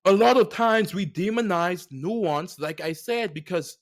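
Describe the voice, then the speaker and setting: Young adult man, podcast host, fairly high pitch, expressive solo monologue with playful swings. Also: unhurried. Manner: animated, playful riffs with big swings in pitch and loudness.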